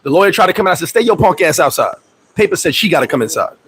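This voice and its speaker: Talking very fast in a high voice, a man who lives abroad in the Dominican Republic tells a story on his livestream, though the audio is poor. The vlogger's delivery is animated and full of swearing as he acts out the story's other people.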